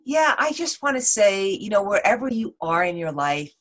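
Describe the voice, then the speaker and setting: A woman guest on a podcast, talking in an animated, rambling way with many "like" and "you know" fillers. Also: mid-range voice, moderate pace. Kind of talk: casual interview chat.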